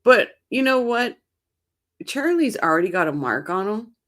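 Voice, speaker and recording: She has a medium-pitched, sing-song voice with a fairly bright tone and moves at a normal speed. As host of a casual true crime stream, she reacts to chat comments while tired from too little sleep, chatty and full of opinions, rambling and starting over mid-thought.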